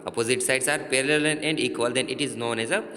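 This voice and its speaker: A man with an Indian English accent teaching a maths lesson, halting and repeating himself with many fillers. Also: medium pitch, steady tone, pushed and bright. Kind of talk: classroom lesson. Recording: roomy echo, long reverb.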